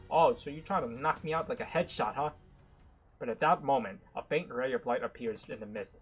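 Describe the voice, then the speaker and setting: A man reading a visual novel aloud with dramatic narration, broken by excitable, joking asides. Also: mid-range voice, poor audio. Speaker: gaming content creator.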